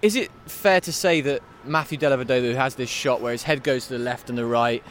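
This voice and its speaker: A man's voice: medium pitch, quick pace, slight background noise. A man, hosting a sports podcast interview at an arena, asking questions in a teasing, conversational way. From England. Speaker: podcast host. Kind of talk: casual interview chat. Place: sports arena after a game.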